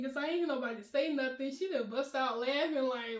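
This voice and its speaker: A young woman vlogger telling a casual storytime to her viewers, chatty and animated, often laughing and addressing them as y'all. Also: high voice, a little fast, few pauses. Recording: roomy echo.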